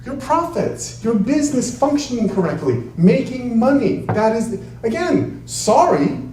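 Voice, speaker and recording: A man's voice: extremely high pitch, a little hiss or hum. A man who is a trial lawyer, giving an emphatic talk to an audience in a large room, heard from a distant mic. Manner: emphatic and animated, with quick bursts. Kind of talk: presentation to an audience. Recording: echoey room, voice from far off.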